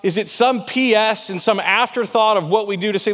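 A man's voice: high voice, brisk, hardly any pauses, fairly bright tone, long reverb tail. A man preaching a sermon in a conversational way, asking rhetorical questions and often repeating words as he goes. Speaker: pastor.

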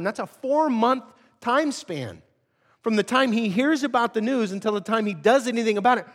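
A pastor preaching a lively sermon and acting out the people he quotes. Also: high-pitched, big-room sound.

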